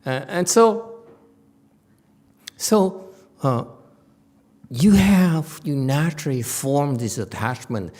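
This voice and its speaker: Male Buddhist teacher, high, animated voice, slow delivery, blunt and playful in lecture. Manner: blunt, teasing, acts out students' whining voices. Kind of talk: dharma lecture. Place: temple lecture hall.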